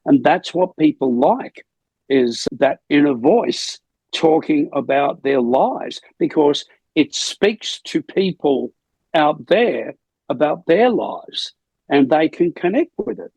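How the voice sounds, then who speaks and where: An older man, a rock singer being interviewed, telling rambling anecdotes in a gravelly, husky voice. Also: a little high, expressive, slow pace, a little mellow, dry recording, low-quality recording. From Australia. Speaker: lead singer, interview guest. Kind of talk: casual storytelling interview.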